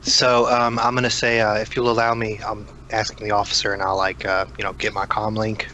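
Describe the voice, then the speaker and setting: A man's voice: lowish voice, monotone, a little fast, pushed and bright, lo-fi sound, a little hiss or hum. A man playing a tabletop role-playing game, talking casually and hesitantly with lots of ums and occasional swearing. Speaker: player.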